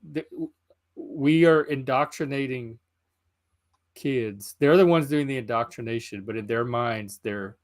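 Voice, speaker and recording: A man's voice: mid-range voice, darkish tone. A man hosting a casual podcast, talking bluntly and critically, often thinking aloud. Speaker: podcast host. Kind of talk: casual chat.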